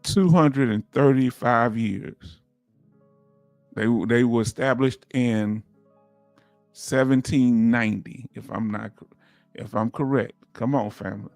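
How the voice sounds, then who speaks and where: A man's voice: medium pitch, slow, gravelly, long pauses, dry recording, soft background music. A man with a Southern US accent hosting a casual livestream, reading out viewer comments and laughing often. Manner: laughs often, loose conversational delivery. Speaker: livestream host.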